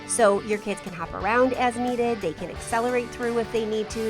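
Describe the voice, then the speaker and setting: A woman podcast host talking in a chatty, enthusiastic way. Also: medium pitch. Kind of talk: podcast ad read and talk. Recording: music bed behind voice.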